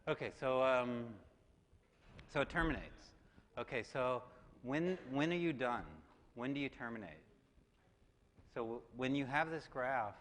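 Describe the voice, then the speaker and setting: A man giving a university lecture, halting, with many restarts and fillers. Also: mid-range voice, fairly bright tone. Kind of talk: classroom lecture. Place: large lecture hall. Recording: reverberant lecture hall, faint noise.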